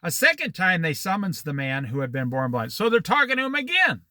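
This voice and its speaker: A man in his sixties leading a Bible study, reading scripture and wandering into opinionated, animated asides and stories. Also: high-pitched, brisk, dry recording. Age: 60s. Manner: opinionated, digressive, animated storytelling. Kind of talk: Bible study teaching with commentary.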